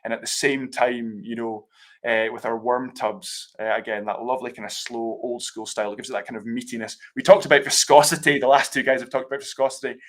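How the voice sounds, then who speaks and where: A man's voice: medium pitch, fairly even intonation, a little fast. Scottish man, brand ambassador, chatty explainer, video call sound, fillers and asides. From Scotland. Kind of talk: live tasting talk.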